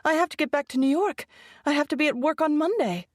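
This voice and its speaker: A woman's voice: sits high, animated, quick pace, no room sound, clean studio sound, voice pushed up. Trina, a woman voicing a nervous young bride. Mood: anxious.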